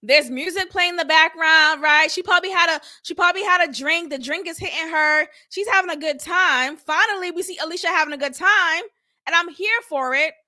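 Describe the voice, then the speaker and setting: A young adult woman hosting a casual, animated recap of a reality show, acting out quotes and laughing often. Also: very high-pitched, fairly quick.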